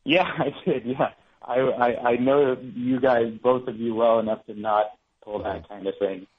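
A man's voice: mid-range voice, fairly even intonation, unhurried, slightly rough. A man calling in to a radio show, polite and a little nervous as he chats. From Los Angeles. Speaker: caller. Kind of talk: phone-in chat. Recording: muffled phone-in line.

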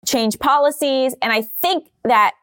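A young woman co-hosts a podcast in a slightly high voice. She talks through her views earnestly, with pauses and fillers as she thinks. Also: fairly bright tone, clean tone. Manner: earnest and thoughtful, pausing often with fillers. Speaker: podcast co-host. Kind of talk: casual chat.

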